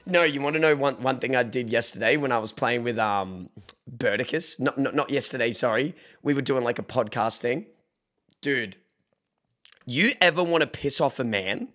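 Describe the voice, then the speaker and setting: Bright, animated young male streamer. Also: medium pitch, normal speed. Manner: animated, joking, bursts of mock shouting. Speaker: livestreamer. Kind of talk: casual live-stream chat.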